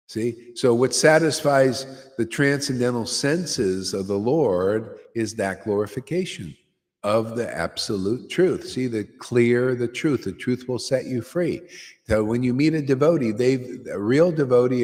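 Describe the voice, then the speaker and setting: A man's voice: medium pitch, a little mellow. A man giving an informal devotional talk as a spiritual teacher, loose and conversational, often tossing in "see?" and "man". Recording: long hall reverb.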